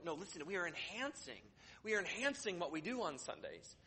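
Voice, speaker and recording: A man's voice: sits high, big pitch swings, fast talker, sharp tone, breathy edge. A man preaching a sermon in church, talking in a conversational way with dry sarcastic humor and many restarts. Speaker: pastor.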